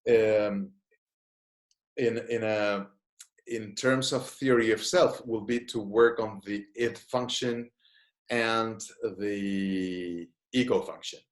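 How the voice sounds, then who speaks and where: A man's voice: fairly low pitch, fairly even intonation, slow pace. A man who is a therapist, giving an online seminar. He explains things thoughtfully and invites listeners to try short exercises. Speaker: gestalt therapist teaching a seminar. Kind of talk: online webinar lecture. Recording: roomy echo.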